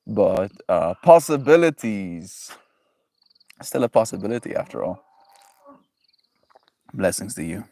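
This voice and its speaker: A man's voice: on the low side, big pitch swings, a little slow, pauses often, warm tone. A man hosting a daily livestream, chatting loosely with viewers and calling them bro. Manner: rambling, loose, talks to chat, says bro. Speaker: livestream host. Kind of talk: casual livestream chat.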